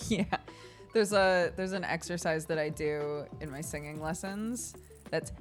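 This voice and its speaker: A woman's voice: sits low, measured pace, soft background music. An American woman in her thirties, a streamer chatting casually and telling stories with lots of laughter, acting out the voices of people she quotes. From United States. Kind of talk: casual chat.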